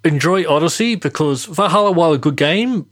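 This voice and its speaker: A man co-hosting a podcast, animated and opinionated in casual chat. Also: a little high, a little fast. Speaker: podcast co-host.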